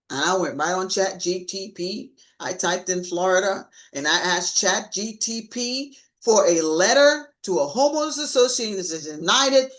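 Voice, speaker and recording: Over a live stream, a woman gives a sales training talk, coaching with lively emphasis and acting out sample lines she'd say to clients. Her voice is medium-pitched, and the audio is poor.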